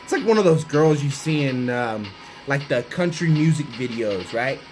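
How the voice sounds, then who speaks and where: A man's voice: mid-range voice, expressive, moderate pace, over music. A young man telling a casual, rambling anecdote, keeps asking his listener "right?". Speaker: vlogger. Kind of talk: casual storytelling.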